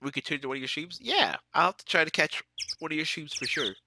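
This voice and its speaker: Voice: medium pitch, quick pace, noisy background. Casual, giggly streamer with a stuffy cold voice. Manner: chatty and giggly. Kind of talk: casual let's-play chat. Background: loud game music.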